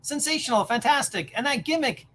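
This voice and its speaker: A woman's voice: high voice, lively intonation, fairly quick, fairly bright tone, pitched above the performer's own voice. A woman voicing a male TV producer in a comic reading, speaking in an effusive, salesy way. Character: fast-talking male TV producer.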